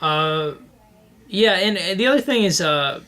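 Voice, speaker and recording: A man's voice: high voice, lively intonation, bright, forceful tone. A young man co-hosting a comedy advice podcast, chatting casually and often stopping to restart his sentences. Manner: halting, many restarts and fillers. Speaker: podcast co-host.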